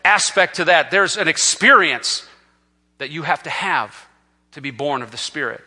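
High-voiced bright preaching man. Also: lively intonation, moderate pace, slightly rough, in a large hall. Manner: preaching, rising to loud emphatic peaks and dropping low. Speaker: pastor. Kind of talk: sermon.

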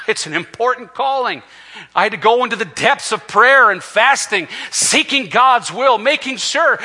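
A man preaching as pastor, swinging from loud emphatic peaks down to low, quiet asides. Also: long reverb tail. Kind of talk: sermon.

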